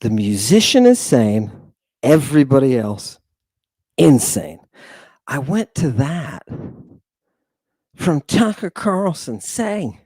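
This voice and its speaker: A man's voice: mid-range voice, sing-song, slow pace, long pauses, dark tone, husky, no echo. A man hosting a lecture in a theatrical, rambling way. He keeps turning to his audience as "people". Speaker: lecture host.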